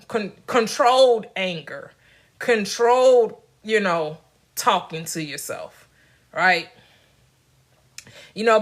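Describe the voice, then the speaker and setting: A woman's voice: mid-range voice, fairly bright tone. A middle-aged woman hosting a casual motivational talk, emphatic and direct, laughing often between her points. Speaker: motivational channel host.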